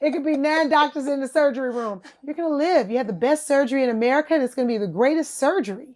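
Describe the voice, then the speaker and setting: A singer and talk show host, appearing as a podcast guest, tells candid stories in a casual, slangy style, calling the listener honey and baby. She talks fast with a high voice and few pauses, laughing often and animatedly acting out what other people said.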